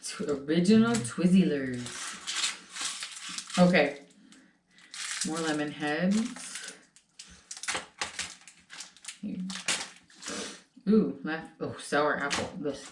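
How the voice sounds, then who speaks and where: A woman's voice: fairly low pitch, slow, long pauses. Woman chatting animatedly on a vlog, echoey room, kinda far off. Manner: animated storytelling. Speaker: host. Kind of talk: casual chat. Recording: roomy, a bit far from the mic, faint noise.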